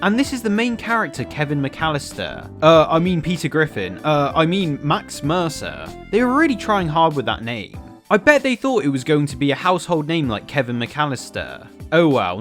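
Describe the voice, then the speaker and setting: A man tears into a film with sarcastic, swearing commentary. His pitch swings wildly from high outrage to low mutters, over a faint bed of music. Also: fairly bright tone. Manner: sarcastic, exasperated, profane. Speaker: film reviewer. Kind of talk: comedic film review commentary.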